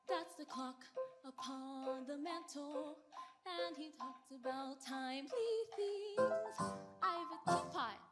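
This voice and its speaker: A woman's voice: sits high, slow pace, loud music behind the voice. A woman playing a frazzled fairytale princess Belle going stir-crazy, singing and talking in a comic, exasperated way in a live stage musical. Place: school stage.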